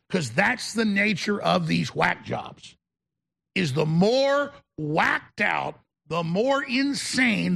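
Male host, high, husky voice, tense and hard-edged, combative mocking rant with shouted bursts. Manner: stammering restarts when worked up. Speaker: talk show host. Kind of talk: ranting monologue to viewers.

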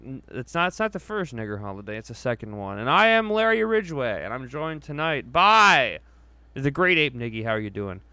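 A man's voice: medium pitch, big pitch swings, a little fast, pushed and bright, clean tone, dry recording. A male podcast host in casual, profane chat who laughs often. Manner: crude, laughs often, swears freely.

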